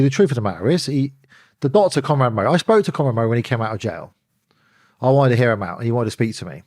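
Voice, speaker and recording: Animated storytelling man. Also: medium pitch. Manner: animated storyteller, acts out phone calls. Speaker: interview guest, former bodyguard. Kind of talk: candid storytelling in an interview.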